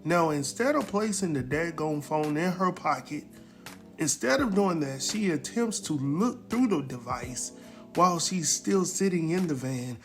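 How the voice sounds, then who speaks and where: A man recapping a TV episode in a casual, animated way, exclaiming and chuckling as he talks straight to his viewers. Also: on the high side, a little slow, faint music behind.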